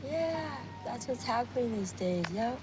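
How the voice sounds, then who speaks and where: A woman's voice: fairly high pitch, expressive, a little slow, background noise. An actress playing a nosy, entitled woman neighbor who needles the people who moved in next door, in a film clip. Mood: prying. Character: entitled, snooping middle-aged woman neighbor.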